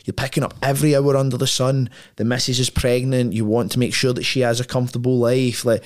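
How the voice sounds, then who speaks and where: Appearing as a guest on a podcast, a man talks quickly in a level, medium-pitched voice. He is blunt and profane in casual conversation, often restarting and tacking tag questions onto his points.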